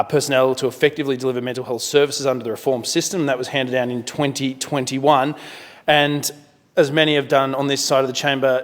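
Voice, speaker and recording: An Australian man giving a parliamentary speech in a measured way, with many fillers and self-corrections. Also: medium pitch, big-room sound. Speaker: member of parliament. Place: parliament chamber.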